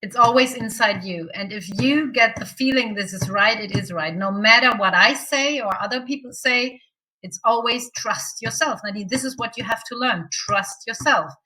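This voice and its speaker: Woman w a bright voice, chatty interview story, lots of "i was like" and ums. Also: fairly high pitch, low-quality recording. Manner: animated, acts out quoted dialogue, many "I was like" asides; loose, non-standard grammar with many fillers. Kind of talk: casual personal storytelling in an interview.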